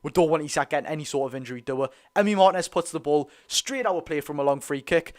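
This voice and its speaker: A man with a Geordie accent giving excited, rapid live football commentary as host of a fan watch-along, cheering his side on. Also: fairly high pitch. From North East England. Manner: talks very fast; animated, cheers players on.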